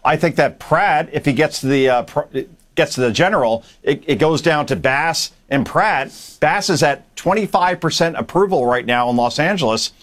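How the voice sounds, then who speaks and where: A man's voice: fairly high pitch, expressive, normal speed, fairly bright tone. Blunt male political commentator. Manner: blunt, hyperbolic, restarts. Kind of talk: talk radio commentary.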